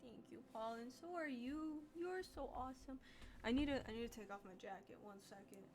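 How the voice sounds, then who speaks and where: A woman's voice: on the high side, a little fast, darkish tone, slight background noise. A young woman chatting casually on a live art stream. She sounds tired and rambles candidly, swearing now and then.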